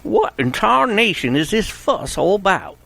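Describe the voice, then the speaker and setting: A man voicing a folksy small-town sheriff in a put-on Southern accent, with a slow gruff drawl. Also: sits high, big pitch swings, bright, forceful tone, pitched above the performer's own voice, exaggerated voice. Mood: exasperated.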